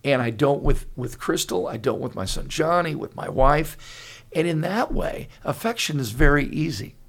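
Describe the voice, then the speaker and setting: An older man, a pastor who hosts a podcast, speaks at a normal speed in a slightly high voice. In this casual podcast conversation he comes across as an earnest, animated storyteller who restarts his sentences often.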